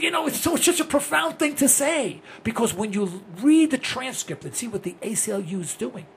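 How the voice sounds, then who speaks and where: Older guy rambling on his talk show, kinda high gravelly voice, opinionated, blunt. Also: slight background noise. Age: 60s. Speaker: host. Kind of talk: talk radio monologue.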